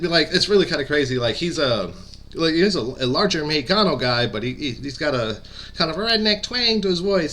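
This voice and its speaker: A man's voice: on the high side, animated, fairly quick, bright, forceful tone. A man, a former pro wrestler, telling a story in a casual, rambling way full of fillers and stutters.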